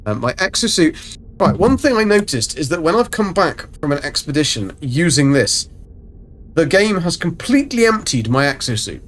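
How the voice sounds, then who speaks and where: A man's voice: a little high, sing-song, moderate pace, fairly bright tone, slight background noise. A man chatting casually and rambling through a live game stream. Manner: chatty, rambling, self-mocking.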